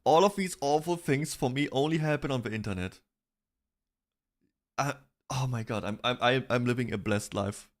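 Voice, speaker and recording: A male streamer chats casually and rambles through his thoughts, often restarting sentences and breaking into laughs. His voice sits at an ordinary middle pitch. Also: normal speed. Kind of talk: casual chat reacting to online drama.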